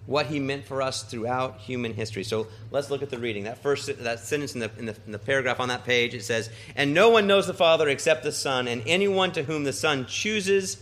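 A man preaching a sermon in a church, earnest and emphatic, moving between quick asides and slow, deliberate stresses. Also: mid-range voice, fairly bright tone.

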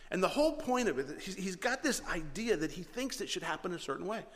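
A man preaching a sermon, telling a story with animated energy and many rhetorical questions. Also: high-pitched, fairly quick, in a large hall. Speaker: pastor.

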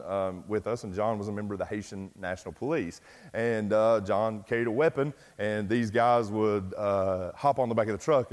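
Folksy pastor in a reverberant hall. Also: male voice, medium pitch, darkish tone. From East Tennessee, US. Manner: folksy, self-deprecating, lots of "like" and "uh" fillers. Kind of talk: storytelling sermon. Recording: long reverb from a large hall.

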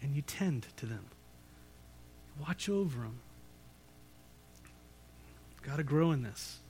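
A man's voice: mid-range voice, lively intonation, takes it slowly, dark tone, soft background music. A man preaching a sermon as pastor, in a conversational way with rhetorical questions and light jokes. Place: church sanctuary.

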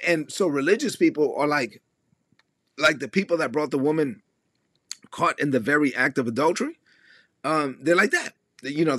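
A man preaching a sermon in a lively, conversational way, acting out the voices of the people he quotes. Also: a little high, no room sound, clean studio sound. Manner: animated, acts out quoted voices. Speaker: pastor.

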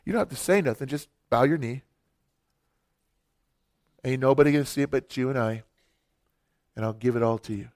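A man voicing the devil as a low, hushed, wheedling tempter during a sermon. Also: fairly quick, pauses often, no echo, clean studio sound, natural voice. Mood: coaxing. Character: tempting devil, smooth and coaxing.

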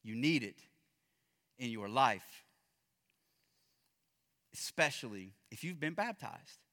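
A man preaching a sermon as pastor, impassioned, swinging between loud emphasis and hushed, drawn-out lines. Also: mid-range voice, animated, in a large hall.

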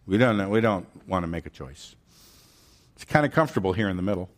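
A man's voice: low-pitched, animated, fast. A man preaching a sermon, retelling a Bible story in a casual way, with asides to the congregation and dramatic jumps in voice when he quotes someone.

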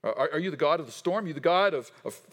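A man preaches a sermon with a high, very lively voice that leaps up and down. He stumbles and restarts often and acts out the voices he quotes, and his words ring out with a long hall reverb behind them. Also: fast talker. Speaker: pastor.

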